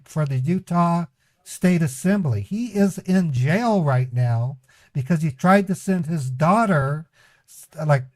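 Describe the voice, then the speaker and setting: A man's voice: fairly high pitch, darkish tone, no echo. A man streaming a prank call, stammering and pleading in an overwrought way. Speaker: scambaiting streamer. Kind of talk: prank call role-play.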